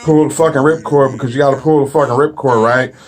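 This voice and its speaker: A man's voice: medium pitch, steady tone, fast. A man telling a comic story in a rambling way, with heavy swearing and frequent fillers. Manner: rambling, heavy swearing, frequent "you know what I mean". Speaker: comedic storyteller. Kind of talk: profane comedic storytelling.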